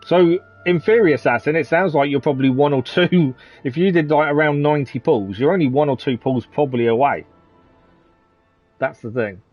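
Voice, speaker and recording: A man's voice: on the high side, normal speed, muffled recording, faint music behind. A man commentating casually on a live game stream, chatty and chuckling often as he answers his chat.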